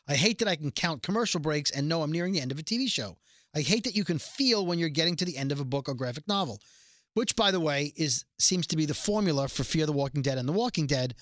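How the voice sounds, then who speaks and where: A man co-hosting a podcast, chatting quickly and casually and reading aloud from a letter. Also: a little high, a bit bright, no echo, studio quality. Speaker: podcast co-host. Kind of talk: casual chat.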